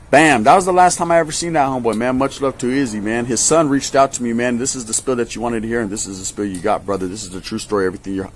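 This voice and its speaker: A man tells a story from his past in casual slang, swearing often and acting out other people's voices. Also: mid-range voice. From California. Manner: animated, acts out voices, swears a lot.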